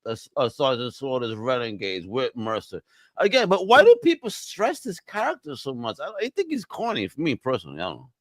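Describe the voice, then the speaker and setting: A man co-hosting a podcast, chatting casually and excitably with plenty of swearing. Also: medium pitch, brisk, no room sound. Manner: animated, profane, excitable. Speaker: podcast co-host. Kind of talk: casual chat.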